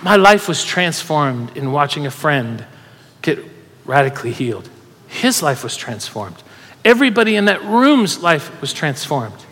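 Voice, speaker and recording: A man preaching a sermon, telling a personal story in an animated way, laughing and getting emotional as he goes. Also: fairly high pitch, a little slow. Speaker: pastor. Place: church hall with audience. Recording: reverberant hall.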